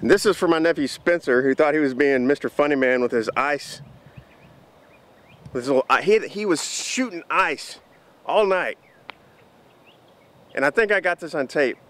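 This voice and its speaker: Chatty higher-voiced man vlogging. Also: normal speed, long pauses. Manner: animated, chatty storyteller. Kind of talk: casual storytelling vlog.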